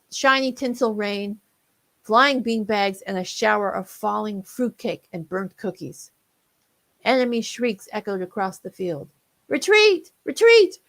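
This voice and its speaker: A woman narrating her own comic holiday parody aloud. Her reading is lively and playful, like a storybook read to an audience. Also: medium pitch.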